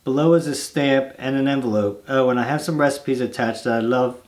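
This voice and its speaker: A man's voice: mid-range voice, brisk, darkish tone. A man hosting his own channel, reading viewer letters aloud and chatting casually between them with rambling, easygoing asides. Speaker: channel host reading fan mail.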